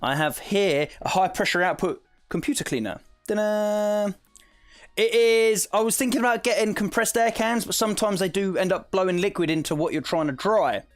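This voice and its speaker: A man's voice: sits high, animated, brisk, hardly any pauses, soft background music. A man from the south of England with an Essex accent, chatting casually as a streamer while explaining a task and reading chat aloud. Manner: chatty, reads chat aloud, laughs often. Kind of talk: live-stream tutorial chat.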